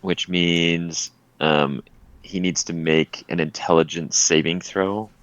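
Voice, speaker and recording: A man's voice: low voice, fairly even intonation, takes it slowly, fairly bright tone, no room sound, muffled recording. A man playing a tabletop game, thinking aloud and hesitating while he works out his turn. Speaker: player. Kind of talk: casual tabletop game chat.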